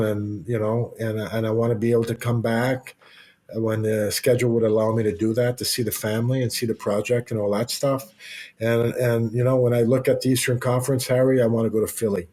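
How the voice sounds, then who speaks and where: A man, a former hockey player, spins a long casual anecdote in a podcast interview. He circles back on himself, restarts his sentences and lets the odd swear word slip. His voice sits at an ordinary middle pitch for a man. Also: dark tone.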